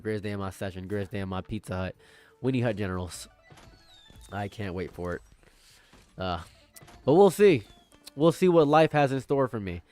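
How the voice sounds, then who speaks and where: A man's voice: on the low side, darkish tone. Playful rambling young man. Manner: playful, joking, repeats lines for effect. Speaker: streamer. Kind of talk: casual rambling stream banter.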